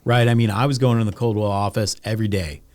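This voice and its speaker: A man's voice: on the low side, fairly even intonation, fast talker, darkish tone, dry recording. A man in his thirties, a podcast guest, telling candid stories in a loose, casual way, full of "like" and the odd curse word. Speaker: podcast guest, real estate agent. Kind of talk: casual interview storytelling.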